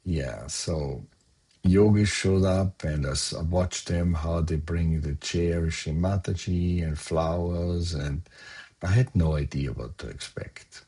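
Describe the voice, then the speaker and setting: An older man, slowly recounting a personal memory in a soft-spoken storytelling manner. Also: low-pitched, husky. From Austria. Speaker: guest sharing memories. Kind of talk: personal recollection.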